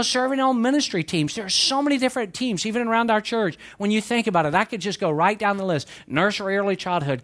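A man with a Southern American accent, preaching a sermon as pastor, swinging between raised exhortation and quieter asides. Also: high voice. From Southern United States. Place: church sanctuary.

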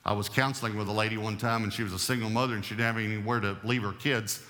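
A man preaching a sermon as pastor, emphatic and repeating key phrases, slowing down to read scripture. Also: on the low side, steady tone, sharp tone. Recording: long hall reverb.

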